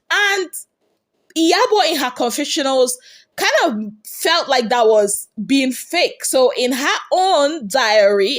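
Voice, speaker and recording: A woman with a Nigerian accent recapping reality-show gossip in an animated, chatty way, with many rhetorical questions. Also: high voice. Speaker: entertainment gossip vlogger.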